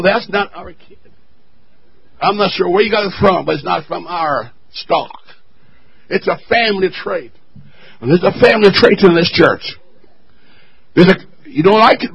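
A male pastor preaching a fiery sermon with call-and-response, building to shouted refrains. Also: sits high, husky, muffled recording.

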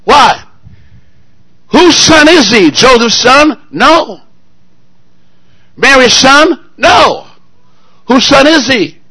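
A married man preaching a sermon, firing call-and-response questions at the congregation and swinging between loud exclamations and quiet asides. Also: very high-pitched, animated, drawn-out words, long pauses, breathy edge, no echo, low-quality recording. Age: adult, married.

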